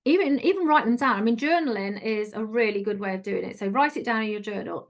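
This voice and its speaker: A middle-aged woman giving an online coaching talk, chatty, earnest and encouraging. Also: a little high. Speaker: life coach.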